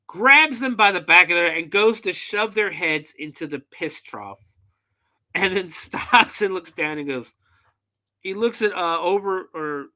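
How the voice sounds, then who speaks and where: Male podcast host, casual and profane recapper, fairly high voice. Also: pushed and bright. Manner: profane, loose storytelling with fillers.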